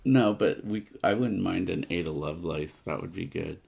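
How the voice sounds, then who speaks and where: A man's voice: low voice, normal speed, gravelly, a little mellow, slight background noise. A man co-hosting a board game playthrough, chatty and rambling in casual asides. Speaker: game player, co-host.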